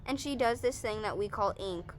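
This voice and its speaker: A woman's voice: mid-range voice, moderate pace. Rambling young woman vlogger. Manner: rambling, chatty, self-correcting. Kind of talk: casual Q&A vlog chat.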